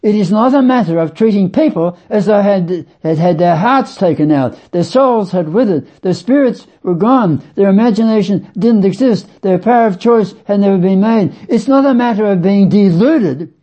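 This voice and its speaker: A man preaching a sermon slowly and with emphasis, repeating phrases for weight. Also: high voice, lively intonation, dark tone. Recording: dull lo-fi sound.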